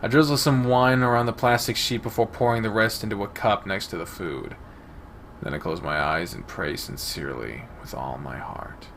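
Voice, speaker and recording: A man hosting a let's-play, reading a visual novel aloud with expressive delivery that swings between soft and loud. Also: fairly low pitch, moderate pace, a little hiss or hum. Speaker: game let's-play host.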